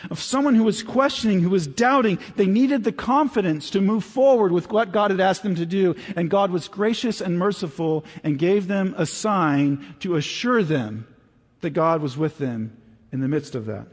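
Pastor, male, preaching in a church hall, husky tone, long reverb; chatty, lively, drops to near-whispers. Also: sits high, normal speed. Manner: conversational, swings between animated and hushed. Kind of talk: sermon. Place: church sanctuary.

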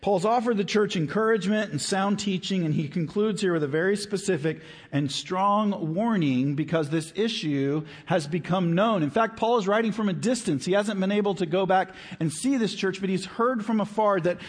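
Male pastor, sermon delivery, husky tone, emphatic and conversational, long church reverb. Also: high voice. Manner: conversational, emphatic, stretches key words slowly. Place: church sanctuary.

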